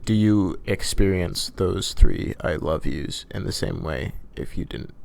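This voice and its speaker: A man's voice: deep voice, a little slow, creaky, darkish tone. A man co-hosting a podcast, thinking aloud in a reflective way and restarting his sentences as he searches for words. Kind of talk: casual chat.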